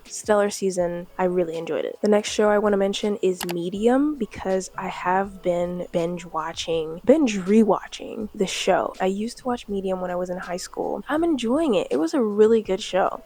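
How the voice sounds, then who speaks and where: A woman's voice: mid-range voice, a little mellow. A young woman in her twenties chatting candidly in a casual review vlog, full of fillers and self-deprecating asides. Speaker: booktube vlogger.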